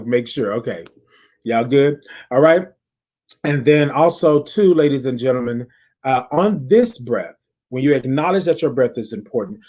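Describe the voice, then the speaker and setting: A man's voice: mid-range voice, mellow. Upbeat man hosting a podcast. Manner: upbeat, talks straight to his audience, repeats phrases. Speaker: podcast host. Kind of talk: casual live-stream check-in leading breathing exercises.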